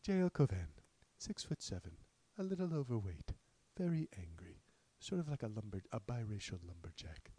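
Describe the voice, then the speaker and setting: A low, hushed male podcast narrator who half-whispers, earnest and intense, as a man puts him on. The voice drops well below the speaker's own and sits quietly at a distance from a dry mic. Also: very animated, normal speed, slightly rough, no echo.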